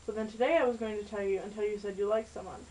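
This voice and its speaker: An earnest teenage boyfriend who keeps apologizing, as a woman reads him aloud in an amateur storybook recording. The voice sits at an ordinary pitch. He sounds sweet and devoted. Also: steady tone, fast talker, a little mellow, close to an everyday voice, poor audio. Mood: tender.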